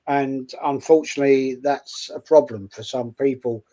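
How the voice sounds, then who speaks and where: A man's voice: medium pitch, fairly even intonation, moderate pace, dark tone. A man, chatting bluntly and without filter as a co-host on a casual football stream. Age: 60s. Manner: blunt, unfiltered, speaks his mind. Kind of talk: casual chat.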